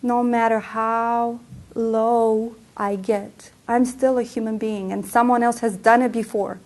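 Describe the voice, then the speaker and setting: A woman emotional health coach speaks to a room, her voice sitting a little high. She tells her stories in an earnest, personal way, like a presentation talk. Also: flat delivery, a little slow, darkish tone. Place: center for women presentation room.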